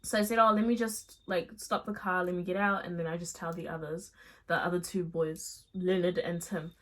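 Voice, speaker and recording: A young adult woman vlogger casually telling a storytime tale, chatty and animated, with slangy asides. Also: fairly low pitch, normal speed.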